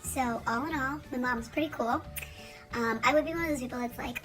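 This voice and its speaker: A woman's voice: sits high, animated, brisk, music in the background, poor audio. A woman in her thirties chatting casually to camera in a rambling, joking, profane way. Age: 30s. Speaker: vlogger.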